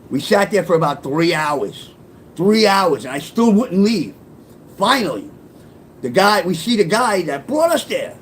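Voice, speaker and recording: A man recounts his own story in blunt, profane street talk. His voice sits slightly high and leaps up and down with energy. A faint low rumble hums under the recording. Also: big pitch swings, a little slow. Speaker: storyteller and author. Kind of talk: casual spoken storytelling.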